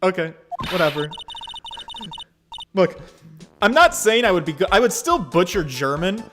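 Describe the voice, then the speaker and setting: A man's voice: high-pitched, sing-song, measured pace, a bit bright. A man giving playful, joking commentary while playing and reading a game. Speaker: let's play streamer. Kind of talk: casual gameplay commentary. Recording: game music behind voice.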